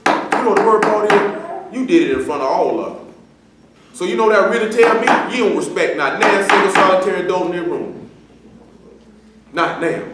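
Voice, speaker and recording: Man, preacher, stern scolding sermon, slangy, slightly high, distant, very echoey hall. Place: church assembly room. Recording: far from the mic in an echoey hall with faint noise.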